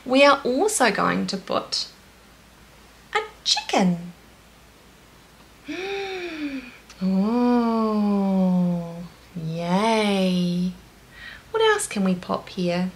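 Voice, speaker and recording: A woman's voice: mid-range voice, big pitch swings, drawn-out words, long pauses, slight background noise. A woman with a New Zealand accent teaching toddlers in a sing-song, encouraging way, with delighted gasps. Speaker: children's teacher. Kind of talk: slow, animated toddler lesson.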